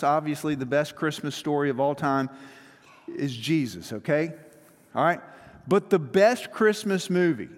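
A male pastor preaching a sermon in a conversational, joking way, rushing through some phrases. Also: a little high, big-room sound. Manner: conversational and joking, with quick rushes.

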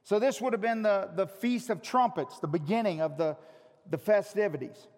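A male pastor preaching a sermon, teasing his congregation and swinging from loud shouts to hushed, drawn-out emphasis. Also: high voice. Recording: long reverb of a large hall.

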